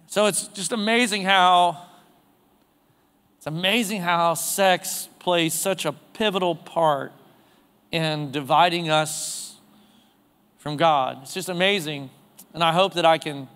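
High-voiced pastor preaching in a reverberant church. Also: male voice, slow pace, pauses often, fairly bright tone, clear, resonant tone. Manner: conversational preaching, asks the congregation questions. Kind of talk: sermon. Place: church sanctuary.

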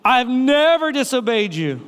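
A man's voice: extremely high pitch, very animated, a bit bright, clean tone, exaggerated voice. A pastor voicing a whiny, self-pitying older brother who drags out his complaints. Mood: whining. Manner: whining, drawn-out, complaining. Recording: long reverb of a hall.

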